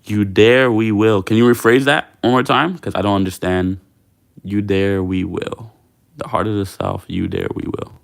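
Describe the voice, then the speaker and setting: A man's voice: on the low side, steady tone, moderate pace, vocal fry. A young man hosting a fitness livestream, chatting casually with viewers in a slangy, laid-back way.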